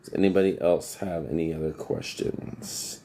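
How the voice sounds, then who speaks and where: A man's voice: deep voice, fairly even intonation, moderate pace, mellow. A man who works as an HVAC technician, telling long rambling stories on a casual livestream and breaking off to greet viewers.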